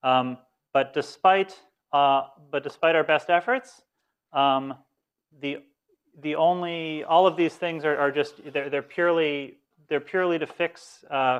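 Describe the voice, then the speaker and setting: A man lecturing on physics in a smooth, resonant voice at a middle pitch. He talks conversationally, restarting sentences and correcting himself as he goes, with a dry, self-deprecating humor. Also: lo-fi sound. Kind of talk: live lecture.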